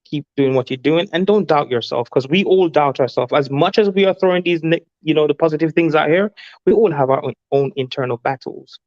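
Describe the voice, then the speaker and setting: A man delivers a motivational talk as a panel guest, earnest and deliberate. His voice comes through dull and lo-fi, with a dry, close sound and no room echo. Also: a little high, a little mellow.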